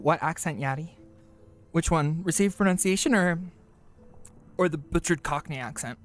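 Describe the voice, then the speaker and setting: A man's voice: on the high side, moderate pace, long pauses, soft background music. A young man streaming, chatting in a rambling, self-mocking way as he games. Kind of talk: casual chat while gaming.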